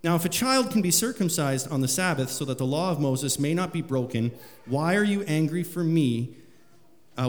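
Male pastor, mid-pitched voice, sermon in a church hall with long reverb. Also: a little mellow. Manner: rises in pitch and volume when reading scripture aloud. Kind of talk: sermon with scripture reading.

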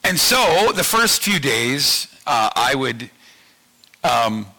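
Pastor, male, 50s; gravelly edge, very bright tone, chatty sermon delivery. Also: mid-range voice, very animated, slow. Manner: conversational, repeats himself, checks in with the audience.

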